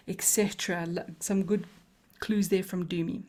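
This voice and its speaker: A woman leads a coaching lesson in a calm, melodic voice. She takes her time, slows on key phrases and leaves deliberate pauses. Her tone is inviting and she laughs easily. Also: lowish voice. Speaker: coaching trainer. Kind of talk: live coaching webinar teaching.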